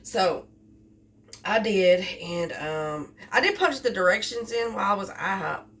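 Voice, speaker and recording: A woman's voice: mid-range voice, measured pace, fairly bright tone. A woman telling a rambling story about her delivery job, repeating herself as she goes. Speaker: delivery driver. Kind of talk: casual storytelling vlog. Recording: distant mic with faint background noise.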